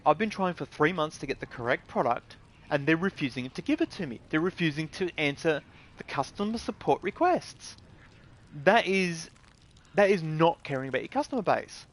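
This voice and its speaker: An Australian gaming video creator rants casually and indignantly, swearing and speaking bluntly. His voice sits on the high side and sounds animated, at a normal speed.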